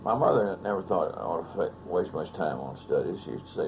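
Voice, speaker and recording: Gravelly older Texan storyteller. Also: male voice, deep voice, sing-song, fast talker, muffled recording. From Texas. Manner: anecdotal, chuckling raconteur. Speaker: oral history interviewee. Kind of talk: storytelling interview. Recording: archival audio with faint hiss.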